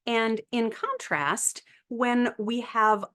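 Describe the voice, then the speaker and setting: A woman's voice: on the high side, very slow, fairly bright tone. A woman psychologist giving a webinar lecture, explaining steadily and often checking in with "right?".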